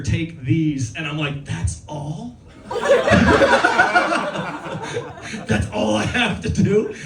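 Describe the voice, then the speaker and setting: A man doing a raucous stand-up set, manic and swearing, shouting his punchlines. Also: high-pitched, recorded from a distance. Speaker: stand-up comedian. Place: live comedy venue with audience. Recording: echoey venue, mic heard from afar, crowd laughter.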